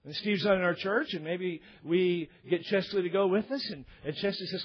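A man's voice: sits high, a little fast, hardly any pauses, husky, muffled recording. A man preaching a sermon, telling a story and acting out the dialogue of the people in it. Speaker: pastor.

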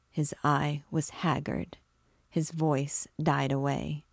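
A woman reading a classic novel aloud in a measured, unhurried way. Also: low voice, little pitch movement, creaky, breathy edge, no room sound, clean studio sound. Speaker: book discussion host reading aloud.

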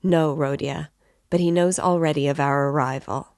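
A woman's voice: deep voice, fairly even intonation, normal speed, a little mellow, dry recording, studio quality. A woman reading as an anxious tearful mother. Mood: pleading. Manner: pleading, timid.

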